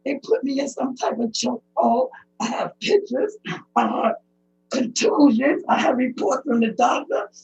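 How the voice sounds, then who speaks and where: A middle-aged woman from the United States giving emotional, pleading personal testimony as a public commenter, her speech halting. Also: high-pitched, creaky, darkish tone, soft background music. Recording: dull lo-fi recording.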